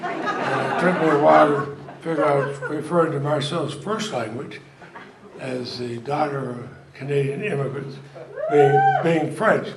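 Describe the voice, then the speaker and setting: A man's voice: a little high, moderate pace. An older man, giving a folksy, anecdotal speech at a party event and chuckling through his stories. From Vermont, US. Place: event hall. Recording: echoey hall with crowd noise.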